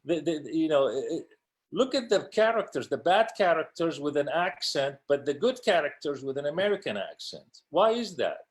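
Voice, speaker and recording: Man, passionate interview guest, emphatic, repeats words, slightly high pitch. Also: big pitch swings, moderate pace. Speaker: casting director and producer, guest. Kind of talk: interview conversation.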